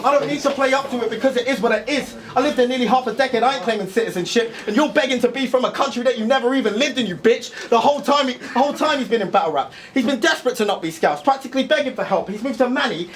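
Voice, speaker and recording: A man's voice: very high voice, rapid-fire, few pauses. A man with a London accent performing as a battle rapper, mocking his opponent punch by punch. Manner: mocking, punchline-driven, repeats "listen". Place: live venue with audience. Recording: loud crowd and noise, live event.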